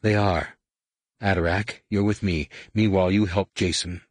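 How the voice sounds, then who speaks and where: A man's voice: low-pitched, fairly even intonation, measured pace, no room sound. A man voicing a stubborn, commanding woman in an audiobook, firm and clipped.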